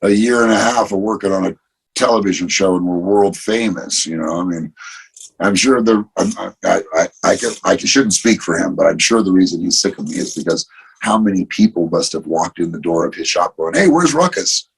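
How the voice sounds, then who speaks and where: Man, interview guest, low-pitched, gravelly, casual chat, swears a lot. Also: brisk, low-quality recording. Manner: swears freely, animated storytelling.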